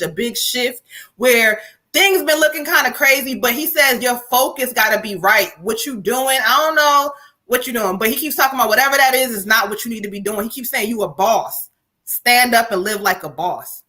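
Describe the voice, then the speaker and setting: A woman medium hosts a casual live-stream reading with a higher, bright, forceful voice. She passes along a spirit's messages in quick, slangy, profane bursts. Her talk stays loose and unscripted.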